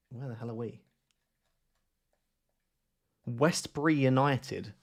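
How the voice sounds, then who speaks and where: A man's voice: medium pitch, expressive, moderate pace, creaky, pauses often. Chatty man thinking aloud. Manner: chatty, rambling, self-mocking, thinks aloud with many fillers. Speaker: streamer. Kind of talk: casual live-stream commentary while playing a map guessing game.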